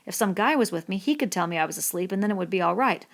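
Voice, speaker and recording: A woman reading the part of a bitter, lonely middle-aged male stable hand in a rough rural dialect, in an audiobook. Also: mid-range voice, lively intonation, racing, lightly acted.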